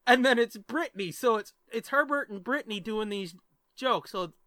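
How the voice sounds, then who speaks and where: Bright-voiced, profane podcast host. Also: male voice, very high voice, moderate pace, no echo. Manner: loose, profane, laughing often. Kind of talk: casual podcast chat.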